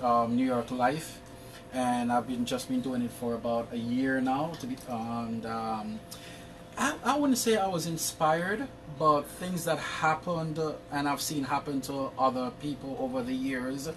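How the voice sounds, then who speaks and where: A man's voice: mid-range voice, far from the mic, a little hiss or hum. A man from Jamaica with a Jamaican accent, giving long, earnest interview answers about his insurance work and often restarting his words. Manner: explains at length. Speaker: interview guest, insurance professional.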